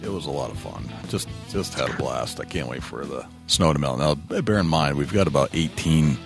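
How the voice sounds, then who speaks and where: Really deep-voiced guy hosting a chill podcast, rambly, restarts a lot, faint music behind. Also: expressive, fairly quick. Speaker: podcast host. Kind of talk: casual podcast chat. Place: home studio.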